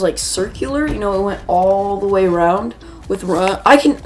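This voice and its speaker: Expressive and mid-range in pitch, this woman speaks at a moderate pace as she hosts a gaming video, rambling through a casual story while playing a shooter and breaking off for reactions to the game. Soft background music accompanies her.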